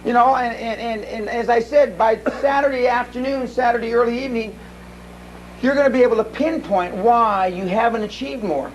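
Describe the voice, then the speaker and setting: A man's voice: very high-pitched, normal speed, a little hiss or hum, rough recording. Blunt, profane man giving a seminar talk. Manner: blunt, profane storytelling with many restarts. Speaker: seminar speaker. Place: seminar room.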